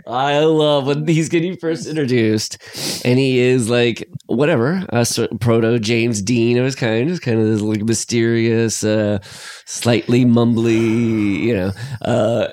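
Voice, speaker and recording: Male podcast co-host, mid pitch, rambling casual chat full of ums. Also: steady tone, darkish tone. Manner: rambling, many fillers, slips into quick mock voices.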